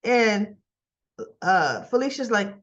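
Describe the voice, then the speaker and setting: Slow-talking woman recapping soap episodes. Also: mid-range voice, expressive, muffled recording. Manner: chatty, often asks "right?" and acts out quoted lines. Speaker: soap opera reviewer.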